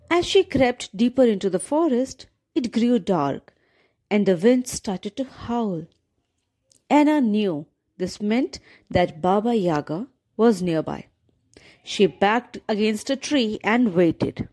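A woman gently and expressively narrating a children's fairy tale. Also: medium pitch, animated, takes it slowly. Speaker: storyteller. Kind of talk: scripted storybook narration.

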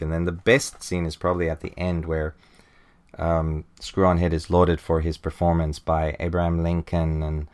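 A man hosting a podcast, casually reviewing a comic book, chuckling often and putting on high voices for quoted lines. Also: a little mellow. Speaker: podcast host.

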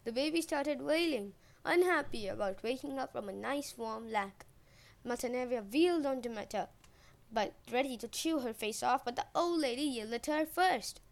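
A woman's voice: high-pitched, moderate pace, vocal fry. A woman podcast host retelling a myth in a playful, wry way.

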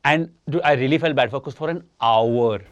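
A young man co-hosting a podcast, telling stories in an animated, casual way and swearing freely. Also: mid-range voice, moderate pace, dry recording, lo-fi sound. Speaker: podcast co-host. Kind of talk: casual chat.

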